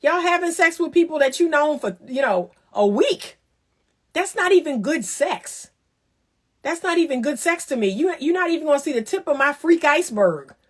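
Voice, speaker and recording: Animated woman giving blunt dating advice. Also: sits high, normal speed. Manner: animated, preachy and teasing, acts out voices. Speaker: relationship talk host. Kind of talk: casual advice monologue.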